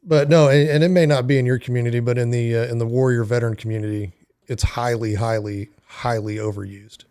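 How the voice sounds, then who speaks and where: A man's voice: mid-range voice, steady tone, fairly quick, warm tone, clear, resonant tone, no echo, clean studio sound. A man co-hosting a casual podcast chat, wry and laughing, often restarting his sentences. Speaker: podcast co-host.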